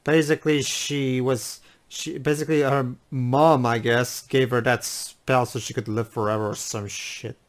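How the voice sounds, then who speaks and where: A man in casual movie commentary, explaining plot points haltingly with restarts and fillers. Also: mid-range voice, little pitch movement.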